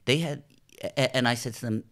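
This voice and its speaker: A man's voice: medium pitch, brisk, fairly bright tone. A television showrunner from New Jersey, talking casually in an interview and acting out quoted dialogue as he tells his stories. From New Jersey, USA. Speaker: television writer and showrunner, podcast guest. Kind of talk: conversational interview storytelling.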